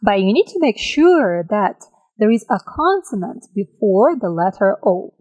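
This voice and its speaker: A woman teaching an English grammar lesson, drawing out each example word slowly and often checking in with a "right?". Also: medium pitch, sing-song, a little mellow, dull audio. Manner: slow, careful, drawn-out example words; checks in with listeners by asking "right?".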